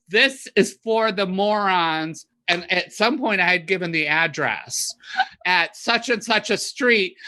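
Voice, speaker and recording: Bright-voiced woman telling wild stories. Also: fairly low pitch. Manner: animated storyteller, voices her past panic in loud bursts. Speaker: podcast guest. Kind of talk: casual chat, storytelling.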